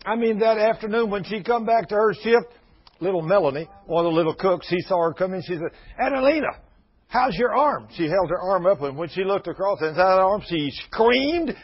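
Older man preaching, husky and high. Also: lively intonation, fairly quick. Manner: folksy storytelling with quoted voices. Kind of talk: sermon. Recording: dull lo-fi radio broadcast.

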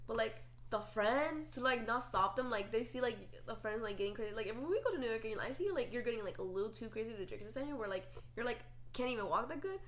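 A woman's voice: fairly high pitch, lively intonation, quick pace, few pauses, fairly bright tone. A young woman co-hosting a casual chat podcast, rambling with lots of fillers. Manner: rambling, filler-heavy, many "like"s. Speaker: podcast co-host.

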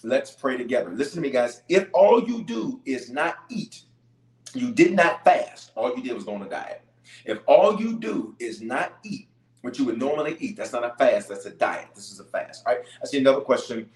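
A man's voice: medium pitch, very animated, moderate pace, a little mellow, echoey room. A man serving as bishop, leading a live-streamed prayer call, greeting viewers by place and answering their questions with emphatic repetition. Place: room at home base near Denver.

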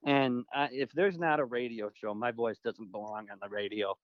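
A man co-hosting a podcast, joking and bantering in an animated way that breaks into laughs. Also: medium pitch, moderate pace, no room sound, highs cut off. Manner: animated, jokey, laughs often. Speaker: podcast co-host. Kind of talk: casual banter.

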